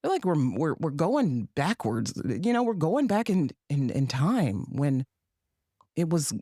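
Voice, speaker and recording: A woman's voice: low-pitched, big pitch swings, a little slow, mellow, dry recording, clean studio sound. A woman hosting a commentary monologue, sassy and sarcastic in her delivery. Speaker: podcast host.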